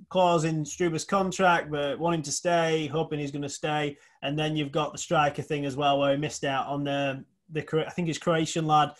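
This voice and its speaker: A man's voice: fairly high pitch, fairly bright tone. A man hosting a casual football podcast, chatty and teasing toward his co-host.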